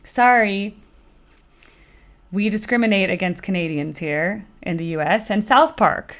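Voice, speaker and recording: A woman's voice: medium pitch, unhurried, fairly bright tone. A woman hosting a music reaction video, chatting casually and rambling with many fillers and playful asides. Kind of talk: casual chat.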